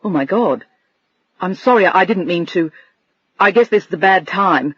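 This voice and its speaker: A narrator voicing a gentle, protective man who speaks calmly and reassuringly. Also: sits high, normal speed, slightly rough, no echo, muffled recording, heavily acted. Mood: concerned.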